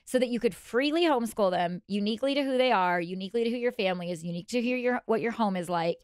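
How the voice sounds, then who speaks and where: A middle-aged woman talks as a podcast guest with an earnest, encouraging manner. She jumps in often with quick words of agreement. Her voice sounds dry and close. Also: mid-range voice, clean tone, no room sound. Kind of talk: casual podcast conversation.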